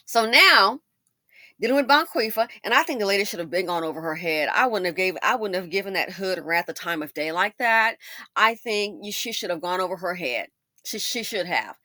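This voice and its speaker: A woman's voice: mid-range voice, bright, forceful tone, dry recording, studio quality. A woman doing casual storytime commentary, emphatic and full of rhetorical questions, often repeating herself.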